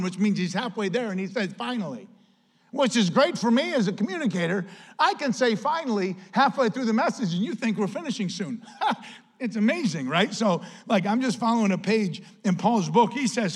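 A man preaching a sermon as pastor, chatty and animated, telling a story with lots of "like" and acted-out quotes. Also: high-pitched, slightly rough.

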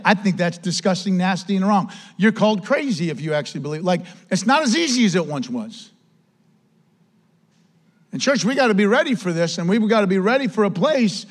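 A male pastor preaching a sermon emphatically, with repeated calls to the church, and sometimes dropping to a soft hush. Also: high-pitched.

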